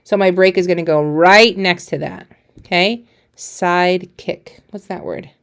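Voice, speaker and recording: A woman's voice: on the low side, moderate pace, creaky. A woman teacher giving a recorded phonics lesson to young children, encouraging and playful, praising often.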